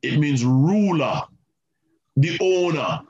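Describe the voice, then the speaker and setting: A male pastor preaching a sermon, animated and repetitive, with asides to the congregation. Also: a little high, normal speed. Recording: roomy, slightly muffled church recording.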